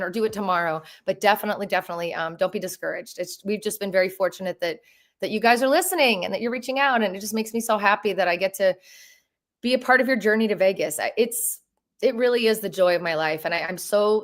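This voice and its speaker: A woman's voice: mid-range voice, fast talker. A woman in her thirties hosting a live Q&A stream from home, chatty and bubbly, with lots of fillers and restarts. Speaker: real estate agent and host. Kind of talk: live stream Q&A, casual chat.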